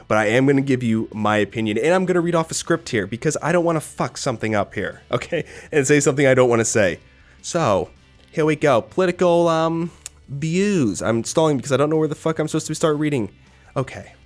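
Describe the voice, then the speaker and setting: Young American guy, casual vlogger, swears a lot, mid-pitched voice, faint music under it. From United States. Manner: casual, swears often, animated asides. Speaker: YouTube creator. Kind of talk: casual Q&A vlog.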